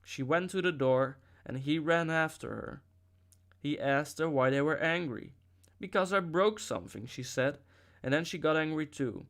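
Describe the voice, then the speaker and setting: A man's voice: a little high, normal speed. Man reading a novel aloud. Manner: steady storytelling with occasional slips. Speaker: audiobook reader. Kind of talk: audiobook narration.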